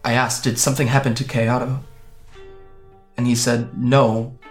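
An actor in his twenties playing a guarded young man from Japan who recounts fleeing home, speaking in a hesitant, halting, wry way in an audio drama. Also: medium pitch, flat delivery, soft background music, close to an everyday voice. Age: 20s.

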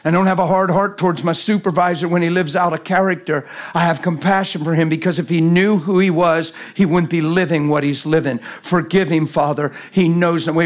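A man preaching a sermon at a church service, animated and telling stories, acting out the voices in them and swinging from loud to hushed. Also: high voice, normal speed, hardly any pauses. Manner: acts out voices in his stories. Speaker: guest preacher. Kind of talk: sermon with storytelling.

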